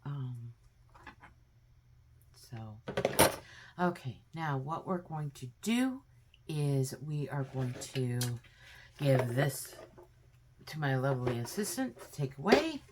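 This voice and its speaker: A woman's voice: deep voice, noisy background. A woman at home in her kitchen, giving a chatty, homey step-by-step cooking demonstration with plenty of fillers. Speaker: home cook vlogger.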